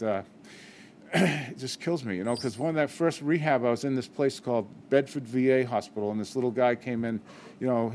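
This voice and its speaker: A man's voice: medium pitch, darkish tone, a little hiss or hum. An older man giving a personal recovery talk at a meeting, candid and self-mocking, often restarting his sentences.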